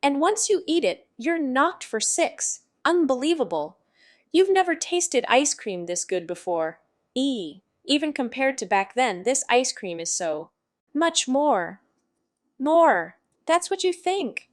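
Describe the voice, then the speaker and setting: A woman's voice: high voice, very animated, takes it slowly, no room sound, studio quality, full character voice. A woman voicing a brash, foul-mouthed male jester wizard who narrates in a sardonic, rambling way.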